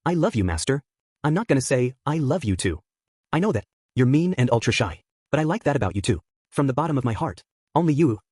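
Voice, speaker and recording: A man's voice: mid-range voice, very animated, fast talker, darkish tone, husky, no room sound, studio quality. A man voicing a playful, devoted young woman in an audiobook, teasing and affectionate.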